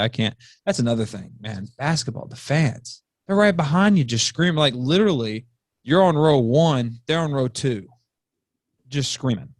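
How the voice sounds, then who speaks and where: A man, a high school football coach, talking bluntly and swearing freely as a podcast guest over a remote call. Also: no room sound, clean studio sound. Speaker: football offensive coordinator, guest. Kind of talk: casual podcast chat.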